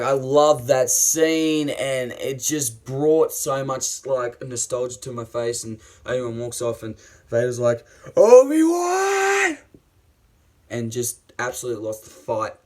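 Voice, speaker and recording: A man reviewing a series in a casual, enthusiastic, rambling way, swearing often and using many fillers. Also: mid-range voice.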